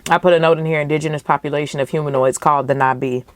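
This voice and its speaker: Podcast host, young woman, low voice, passionate casual movie reaction. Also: rapid-fire, slight background noise. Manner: animated, emotional, profane, slangy.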